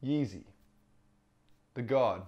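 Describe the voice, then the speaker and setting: A man's voice: medium pitch, slow pace, muffled recording, heavy background noise. A young Australian man co-hosting a music review, talking casually and profanely with a lot of hype. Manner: animated, profane, rises to a shout when hyped. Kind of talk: casual reaction chat.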